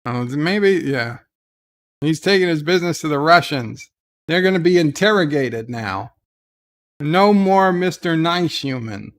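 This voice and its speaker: A man's voice: on the high side, lively intonation, measured pace. A man hosting a casual live watch-along, retelling the scenes loosely with many "uh" and "like" fillers and answering viewer chat in passing. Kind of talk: casual live episode commentary.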